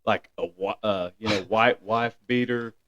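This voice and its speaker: A man's voice: lowish voice, steady tone, measured pace, a bit bright, dry recording, muffled recording. A man guesting on a podcast, laid-back and slangy, often calling people dude. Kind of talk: casual podcast chat.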